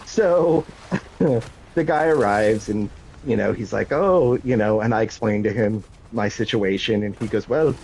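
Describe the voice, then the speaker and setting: A man's voice: fairly low pitch, unhurried, creaky, darkish tone, slight background noise, poor audio. A man in his thirties telling a self-deprecating story on a live stream, full of fillers and restarts. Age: 30s. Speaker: gaming streamer.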